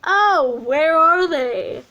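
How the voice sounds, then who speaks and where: A woman's voice: very high-pitched, expressive, drawn-out words, bright, forceful tone, dull audio, voice pushed up, full character voice. A woman voicing a bewildered young man, asking questions in a raised voice. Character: bewildered young man seeking his friend.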